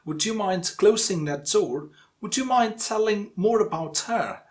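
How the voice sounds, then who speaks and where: Man, teacher, slightly raised pitch, deliberate delivery, repeats examples. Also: expressive. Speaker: English teacher. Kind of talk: explanatory language lesson.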